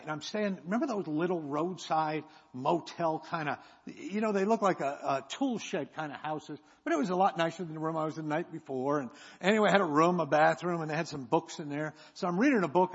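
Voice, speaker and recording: A man with a husky, fairly high voice tells a rambling, self-mocking story from the pulpit. His words ring out into a large hall with a long echo, and the sound is slightly muffled. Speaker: preacher. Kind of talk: sermon storytelling. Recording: echoey hall, dull sound.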